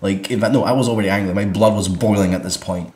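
A man's voice: lowish voice, steady tone, quick pace, warm tone. A man chatting about films as a co-host, rambling with lots of fillers and laughing often. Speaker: film club co-host. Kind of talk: casual film chat. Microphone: single microphone in front of a camera. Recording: roomy echo.

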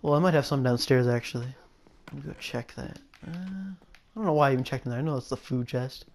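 A young man chats casually while he plays, drifting from thought to thought. His voice sits at an ordinary mid pitch, and his sentences often break off and restart as he muses aloud. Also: fairly quick, darkish tone. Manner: rambling, musing, self-interrupting. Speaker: gameplay video host. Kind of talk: casual gameplay commentary.

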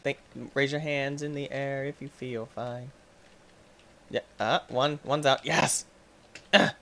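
A young man giving let's play commentary, excitable and quick to get frustrated, yelling at the game between chatty asides to viewers. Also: mid-range voice. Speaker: gaming YouTuber.

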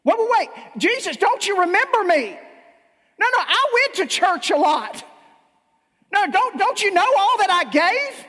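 A preacher playing a frantic pleading churchgoer. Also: male voice, extremely high pitch, sing-song, measured pace, pushed and bright, voice pushed up, exaggerated voice. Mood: desperate. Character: panicked man pleading at judgment. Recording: long church-hall reverb.

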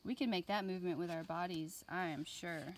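A woman teaching an online art lesson for young children, explaining slowly and patiently. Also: lowish voice, slight background noise.

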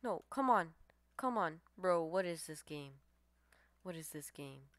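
A woman calls out her match as she plays, excitable and foul-mouthed, her pitch leaping all over the place. She trash-talks opponents between groans. The sound is close and dry, with no room around it. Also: measured pace, dry recording. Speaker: gamer streamer. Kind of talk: live gameplay commentary.

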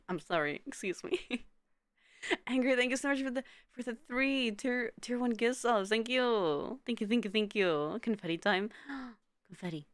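A woman's voice: on the high side, normal speed, dry recording. A woman streamer chatting casually with her viewers, giggling often and stumbling over repeated words.

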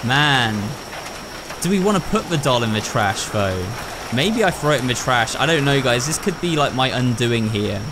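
Commentary on a horror game playthrough comes from a young man, a gaming YouTuber, who thinks aloud and speaks to his audience. His medium-pitched voice has lively intonation at a normal speed. Background noise and the game's eerie sounds are clearly present.

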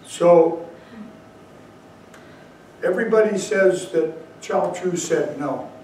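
A man giving a dharma talk as a Zen teacher, telling stories with slow emphatic asides, recorded far from the mic in a very echoey hall. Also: high voice, a little mellow, slight background noise. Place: meditation hall.

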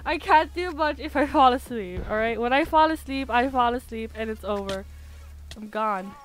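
A woman's voice: a little high, moderate pace. Giggly tired woman gaming streamer. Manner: chatty, giggly, self-mocking. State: tired, voice going hoarse. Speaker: game streamer. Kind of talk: casual live gaming commentary.

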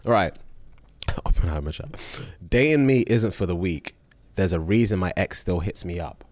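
A young man co-hosting a podcast in casual chat, laid-back and quick with short reactions. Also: low voice, animated, darkish tone. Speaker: podcast co-host.

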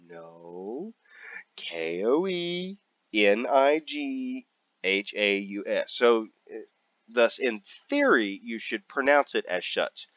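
A man's voice: medium pitch, fairly bright tone, dry recording, muffled recording. A man hosting a casual gameplay video, joking and rambling, drawing out and repeating words as he talks. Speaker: gaming channel host.

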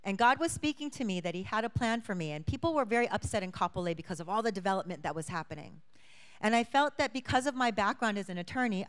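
A young woman from Hawaii speaks to a congregation in a clear, resonant voice at an ordinary pitch. She tells her story earnestly, often acting out the voices of the people she quotes. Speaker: church guest speaker, state lawmaker. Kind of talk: testimony talk to a congregation.

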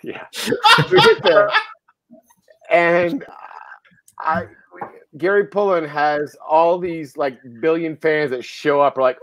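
A man co-hosting a casual podcast, telling stories in an animated way and swearing freely. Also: fairly high pitch, slow, long pauses. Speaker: podcast co-host. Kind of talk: casual chat.

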